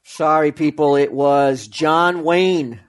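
A man's voice: fairly high pitch, slow. A man hosting an impressions guessing game on a podcast, playful and teasing. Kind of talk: casual podcast banter.

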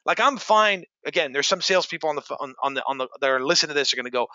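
A man's voice: a little high, animated, rapid-fire, hardly any pauses, pushed and bright, no room sound, lo-fi sound. A man in casual podcast chat, ranting sarcastically and with fired-up energy. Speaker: sales podcast co-host.

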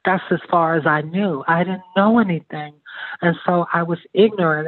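A woman's voice: lowish voice, normal speed, dry recording. A woman from Baltimore, a guest in a phone interview, telling her story earnestly and rambling, often restarting her sentences. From Baltimore, United States. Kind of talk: phone interview, personal account. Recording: tinny phone line, dry.

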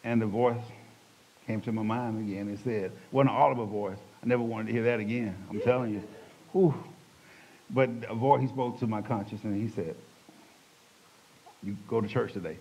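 An older man giving an emotional spoken testimony, telling his story dramatically as he swings between hushed and loud passages. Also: on the low side, steady tone, brisk, breathy edge. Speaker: testimony speaker. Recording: dull lo-fi recording.

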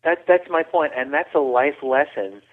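A man's voice: on the high side, lively intonation, normal speed. A man speaking as an interview guest, emphatic and repeating his opening words before finishing a thought. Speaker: guest, coaching website founder. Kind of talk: interview conversation. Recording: tinny phone line.

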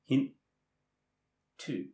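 A man co-hosting a casual quiz chat, playful and teasing, giving hints slowly. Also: warm tone. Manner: playful, teasing, gives slow deliberate hints. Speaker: quiz co-host. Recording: roomy echoey room.

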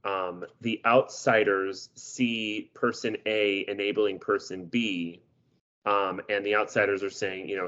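A man's voice: lowish voice, fairly even intonation, a little slow, a bit bright, muffled recording. A man thinking aloud in a casual discussion, often checking in with "right?". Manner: thoughtful, agreeable, lots of "right?".

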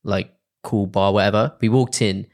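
A man's voice: on the low side, fairly even intonation, normal speed, a little mellow. A young man chatting casually, telling rambling stories and laughing often. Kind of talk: casual chat.

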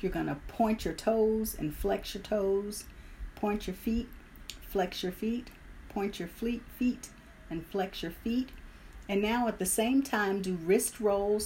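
A woman leading a guided meditation and stretching session, calm and instructive with light humor. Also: mid-range voice, a little hiss or hum. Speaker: meditation leader.

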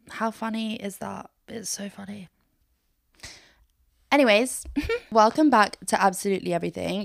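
A woman's voice: medium pitch, fairly bright tone, clear, resonant tone. A young woman hosting a podcast in casual chat, bubbly and oversharing, laughing often between her sentences. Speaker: podcast host. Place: bedroom, sitting on the floor.

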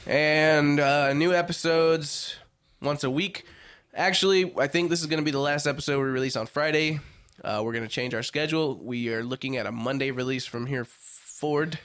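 A man co-hosting a casual podcast, joking, laughing a lot and protesting loudly. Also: fairly high pitch, moderate pace, clear, resonant tone. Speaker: podcast co-host.

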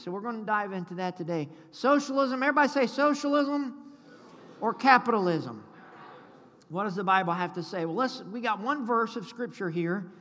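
A man's voice: high voice, pushed and bright. A man preaching a sermon as pastor, fervent and full of call-and-response to the congregation, often stumbling and restarting. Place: church sanctuary. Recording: echoey church with long reverb.

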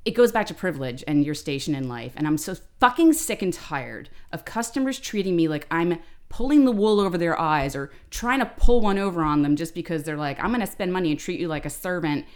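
A woman co-hosting a podcast, telling stories in a lively, ranting, freely swearing way. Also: lowish voice, fairly quick. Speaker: podcast co-host. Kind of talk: casual chat, storytelling.

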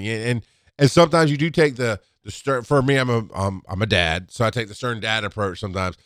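A man's voice: mid-range voice, fast talker, fairly bright tone, dry recording, studio quality. A man who works as a paramedic talks candidly in a rambling, casual monologue, full of restarts and asides.

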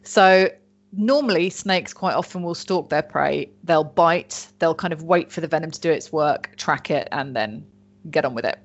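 A woman's voice: low-pitched, moderate pace. A woman, casually telling a story on a chatty podcast and joking and swearing as she goes. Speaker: podcast host. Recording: dull lo-fi sound.

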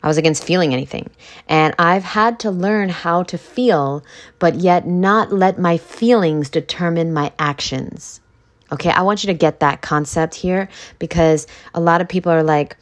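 A woman's voice: fairly low pitch, moderate pace. Blunt, profane woman motivational host. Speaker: podcast host. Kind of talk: motivational podcast monologue.

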